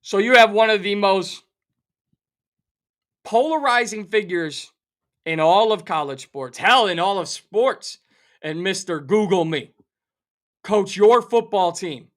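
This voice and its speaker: Sports host, middle-aged male, high bright voice, sarcastic fired-up rant with theatrical outrage. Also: slow, long pauses. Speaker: sports talk show host.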